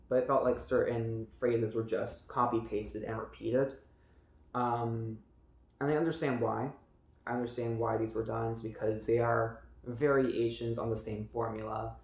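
A man's voice: mid-range voice, a little mellow, roomy sound, poor audio. A man from the United States giving a casual, earnest video book review, chatty and full of small fillers and restarts.

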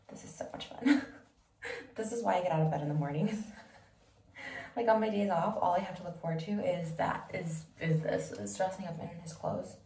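A woman's voice: on the low side, a little fast, mellow, a little hiss or hum. Woman vlogging, out of breath, giggles a lot, echoey room, mic kinda far. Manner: giggly, chatty, slips into whispers. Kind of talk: casual vlog chat.

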